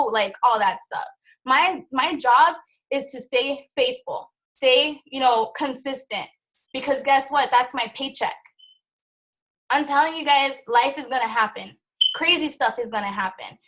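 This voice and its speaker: High-pitched woman, emotional rambling pep talk, training call, thirties. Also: fairly bright tone, poor audio. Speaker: team leader of a sales business. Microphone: call recording.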